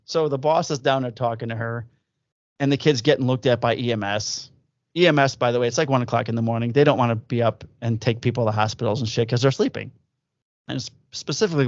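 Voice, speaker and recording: A man, a police officer and podcast co-host, telling a story from work in a casual, profane, animated way. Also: mid-range voice, no echo. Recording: dull lo-fi dry audio.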